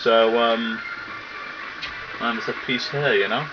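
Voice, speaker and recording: A man's voice: mid-range voice, slow, music in the background. A man hosting a game let's play, chatting in offhand, rambling asides. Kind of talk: casual game commentary. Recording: dull lo-fi recording with steady noise.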